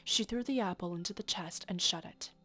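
A woman reading a fairy tale aloud in a soft, often half-whispered voice. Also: on the low side, fairly quick, soft background music. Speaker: storyteller.

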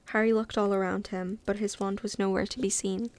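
A woman reading a novel aloud casually, relaxed and unpolished, sometimes stopping to comment. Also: mid-range voice, fairly quick. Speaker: reader.

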